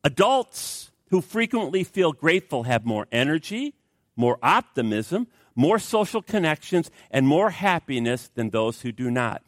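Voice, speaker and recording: A man's voice: a little high, no room sound, studio quality. A man preaching a sermon, telling a story with strong emphasis and speaking directly to his congregation. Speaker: pastor.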